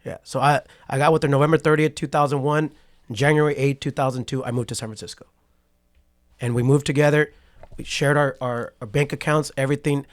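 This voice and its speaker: A fairly quick, mid-range voice comes from a man in his forties from Patterson, California, guesting on a podcast. He tells a story in a casual interview, animatedly voicing people's quotes and often asking "right?"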